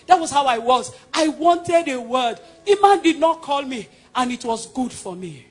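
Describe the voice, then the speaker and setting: A man from Nigeria with a Nigerian accent preaching a sermon, emphatic and swinging between loud declarations and hushed passages. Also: very high voice, animated, normal speed, few pauses, husky, faint music behind.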